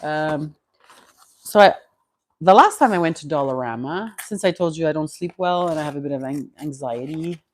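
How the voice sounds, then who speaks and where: A woman's voice: sits low, moderate pace. A woman of fifty from Canada, vlogging in a chatty, rambling way with many restarts, close to a clip-on mic at home. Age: 50s. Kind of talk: casual chat.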